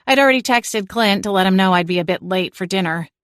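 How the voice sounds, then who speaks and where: A woman giving an expressive first-person audiobook narration into a studio microphone. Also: medium pitch, fast, no room sound.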